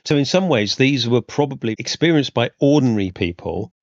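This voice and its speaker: A man's voice: mid-range voice, animated, a little fast, no room sound, dull audio. A man hosting a history podcast, asking long, musing questions full of "sort of" and "you know". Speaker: podcast host. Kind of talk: podcast interview.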